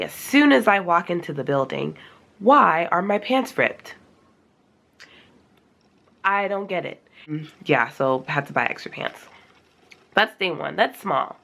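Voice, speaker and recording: A young woman telling a casual storytime, acting out her own reactions in a high, animated voice. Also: gravelly. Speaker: vlogger.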